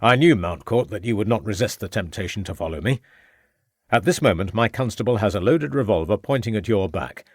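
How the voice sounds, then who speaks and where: A man reads a calm, determined police inspector with a measured, firm delivery. His voice is low, and the sound is dry and close. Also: breathy edge, no echo.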